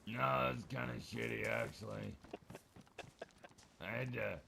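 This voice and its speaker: A man with a heavy gravelly rasp and a bright, forward tone banters with other players during a game. He teases and swears freely in a loose, easygoing way. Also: medium pitch, fairly even intonation, unhurried, slight background noise. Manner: joking, teasing, swears freely. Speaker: streamer. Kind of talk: casual game voice chat.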